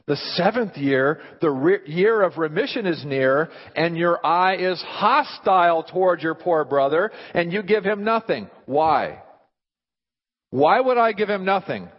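A man preaching a sermon in an animated way, often throwing rhetorical questions at his listeners. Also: fairly high pitch, a little slow. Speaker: pastor. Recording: dull sound with long hall reverb.

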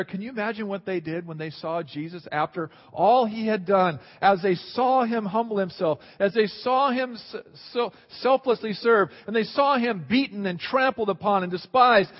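High-voiced male pastor preaching. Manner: animated, swings between quiet asides and loud exclaims. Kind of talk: sermon. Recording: dull sound with long hall reverb.

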